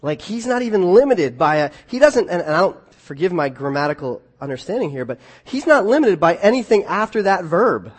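Guy with a high voice preaching, chatty and self-correcting, goes quiet then punchy. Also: animated, brisk, slightly rough. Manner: conversational, self-correcting, swings between hushed and emphatic. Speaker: pastor. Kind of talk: sermon.

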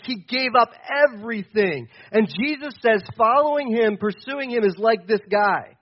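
A young man preaching with a high, bright voice, casual and animated, sometimes loud and sometimes hushed. He acts out little voices in quotes as he goes. The sound is a bit muffled and lo-fi. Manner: animated and conversational, swinging from loud to quiet. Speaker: pastor. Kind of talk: sermon. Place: church stage.

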